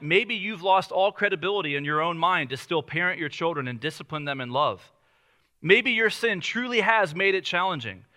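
A pastor delivers his sermon with a crisp, forceful edge to his voice and a pitch a little above the usual. He talks to the congregation like a friend, slipping into casual family stories and chuckling between points. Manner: conversational storytelling with light laughter.

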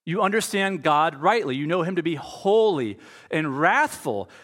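A man's voice: on the high side, expressive, normal speed, fairly bright tone. A man preaching a sermon as pastor. He tells stories in a conversational way and acts out the voices he quotes.

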